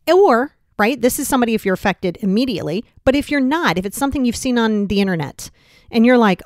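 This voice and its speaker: A woman with a slightly high, lively voice hosts a solo motivational podcast, talking fast in clean studio sound with no echo. She's blunt and casual, swears a little, and keeps firing rhetorical questions straight at the listener.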